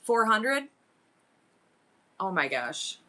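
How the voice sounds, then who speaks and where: Excitable woman streamer, bright and lively. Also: medium pitch, extremely slow. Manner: excitable, exclaiming, thinking aloud with numbers. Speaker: live-selling streamer. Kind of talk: casual live-stream chat to viewers.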